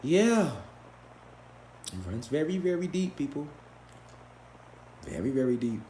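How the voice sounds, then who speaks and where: A man's voice: on the high side, sing-song, takes it slowly, dark tone, echoey room, slight background noise. A man giving a spiritual lecture to a live class, emphatic and profane, firing rhetorical questions and answering them himself. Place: lecture room with a live audience.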